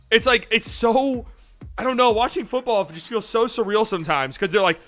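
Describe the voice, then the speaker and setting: Young man ranting, forceful and profane. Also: high-pitched. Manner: profane, rambling rant. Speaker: sports podcast host. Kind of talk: casual live sports talk.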